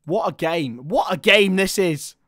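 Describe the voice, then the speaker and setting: A man giving live football commentary, chatty with listeners and bursting into shouts at chances and goals. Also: high-pitched, animated, unhurried, no echo, clean studio sound.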